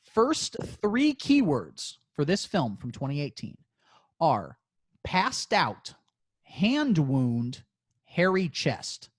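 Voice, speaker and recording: A man's voice: a little high, wildly swooping pitch, slow pace, husky. A man co-hosting a crude comedy podcast and running a movie quiz, talking in a playful, teasing, mock-boastful way.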